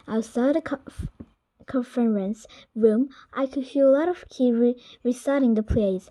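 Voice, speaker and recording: A woman's voice: a little high, unhurried, mellow, rough recording. A woman reading a children's chapter book aloud, carefully, stumbling and restarting words. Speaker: storybook reader.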